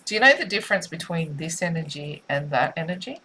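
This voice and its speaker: A woman's voice: sits low, lively intonation, fast, sharp tone, slight background noise, rough recording. A woman giving a spiritual tarot reading, musing and repetitive in a soothing way. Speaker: tarot reader.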